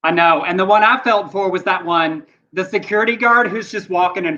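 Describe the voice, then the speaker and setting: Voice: mid-range voice, fairly quick, bright, forceful tone, dull audio. A co-host of a casual news chat show, making wry, chatty asides.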